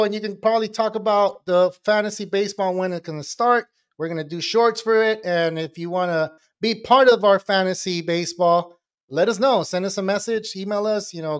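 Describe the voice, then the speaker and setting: A man with a high, light voice co-hosting a baseball talk show. He talks in a loose, rambling way and laughs often. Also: a bit bright, smooth. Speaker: podcast co-host. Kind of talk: casual sports chat.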